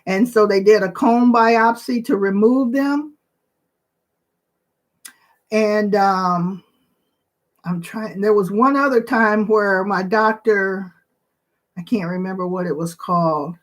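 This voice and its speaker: A woman in her sixties hosting her own channel, chatting casually and emotionally to viewers with many pauses and fillers. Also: medium pitch. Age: 60s. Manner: slow, emotional, tearful at times, with pauses and fillers. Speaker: channel host.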